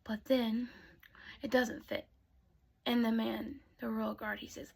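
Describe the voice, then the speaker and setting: A woman telling bedtime stories to children in a soft voice that often drops to a whisper. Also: fairly high pitch, little pitch movement, slow pace, vocal fry, slightly rough. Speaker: storyteller. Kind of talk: bedtime storytelling.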